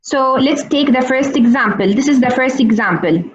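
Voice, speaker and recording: A woman teaching on a video call, slowly repeating each word for her students. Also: high voice, animated, highs cut off. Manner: slow, repeats words for learners. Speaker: Arabic teacher. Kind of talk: online language lesson.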